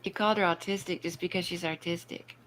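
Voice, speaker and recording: A woman's voice: fairly low pitch, fairly even intonation, fast, a bit bright. A woman in a casual group chat, teasing her friends with a wry tone.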